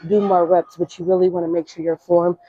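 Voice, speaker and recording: A woman's voice: lowish voice, little pitch movement, fairly quick, a little hiss or hum. Young woman fitness vlogger, slangy, out of breath, dull lo-fi. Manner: chatty, coaching, slangy. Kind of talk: casual workout instruction.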